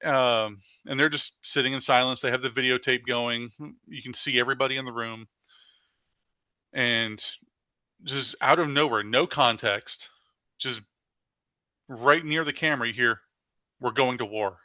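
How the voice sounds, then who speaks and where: Man, podcast guest, paranormal investigator, animated storytelling, keeps saying "like", forceful voice, dry close sound. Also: medium pitch, normal speed, pauses often, no echo. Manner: animated storyteller with frequent "like" fillers. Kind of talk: casual storytelling in a podcast interview.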